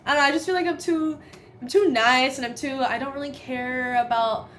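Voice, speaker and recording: Casual chat from a young woman who laughs a lot, slightly high pitch, bit of hiss behind. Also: fairly even intonation, fairly quick, fairly bright tone. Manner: chatty, laughs often, heavy filler use. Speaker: podcast guest.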